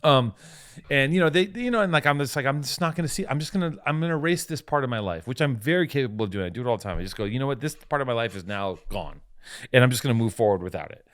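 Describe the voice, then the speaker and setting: A man co-hosting a podcast, swearing in casual chat and switching from heated ranting to quieter confessional talk. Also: medium pitch, animated, racing. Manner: swearing, repeats words. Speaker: podcast co-host.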